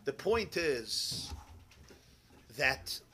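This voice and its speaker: A man's voice: medium pitch, big pitch swings, very slow, sharp tone, a little hiss or hum. A rabbi giving a Chassidic Torah class, telling stories with animation and mixing in Hebrew and Yiddish terms, often checking in with his listeners. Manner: checks in with listeners, asking "yeah?".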